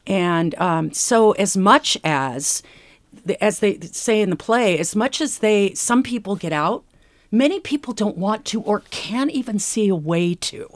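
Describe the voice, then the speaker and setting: A woman's voice: mid-range voice, animated, unhurried, dry recording. A woman stage actor speaking earnestly and reflectively in an interview. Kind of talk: conversational interview.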